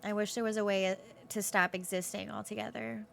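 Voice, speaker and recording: A woman streamer reading aloud the inner thoughts of a gloomy, self-loathing young student from a video game, in a flat, downbeat way. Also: medium pitch, brisk, vocal fry, a little hiss or hum, close to an everyday voice. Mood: glum.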